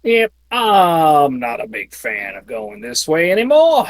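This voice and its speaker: A man's voice: fairly high pitch, huge pitch swings, slow pace, dry recording. A man taking part as a player in a tabletop game, chatting casually and speaking in character.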